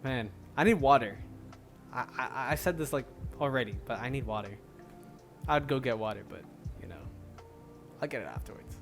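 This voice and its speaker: A man's voice: medium pitch, lively intonation, moderate pace, long pauses, music in the background. A young man hosting a casual solo podcast, rambling with many restarts and fillers, a little out of breath. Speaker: podcast host.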